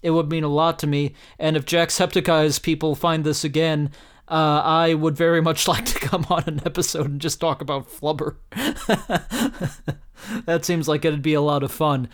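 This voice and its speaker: Male solo podcast host, slightly high voice, animated and jokey, casual swearing. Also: moderate pace. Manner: animated and jokey, breaks into loud mock outrage, swears casually. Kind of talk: solo podcast, reading out his own tweets.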